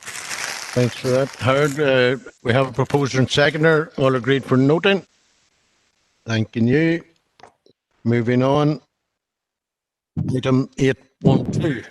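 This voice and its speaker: Casual: guy chairing a council meeting, brisk, calling names, faint noise behind. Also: medium pitch, poor audio. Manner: brisk, procedural. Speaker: committee chair.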